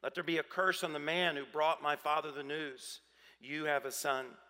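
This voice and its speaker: Man doing a worn-out prophet ready to quit, lamenting, highish bright voice, big hall echo. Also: fairly even intonation, moderate pace. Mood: despairing. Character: weary, discouraged male prophet on the verge of quitting. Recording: long reverb of a large hall.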